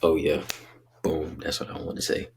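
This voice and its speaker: A man's voice: very deep voice, little pitch movement, normal speed, a little mellow, a little hiss or hum. A young man talking casually and earnestly to his listeners in a rambling, slangy vlog about handling emotions. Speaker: vlogger giving life advice. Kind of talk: casual motivational vlog talk.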